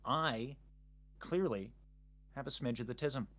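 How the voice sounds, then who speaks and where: A man's voice: mid-range voice, slow, fairly bright tone. A man chatting casually as a guest, rambling and self-interrupting with jokes. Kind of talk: casual chat.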